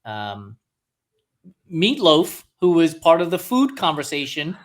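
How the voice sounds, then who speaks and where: A man's voice: fairly high pitch, very animated, slow. A middle-aged man co-hosting a podcast, chatting casually, laughing often as he reads out listener song picks. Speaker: podcast co-host. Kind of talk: casual chat.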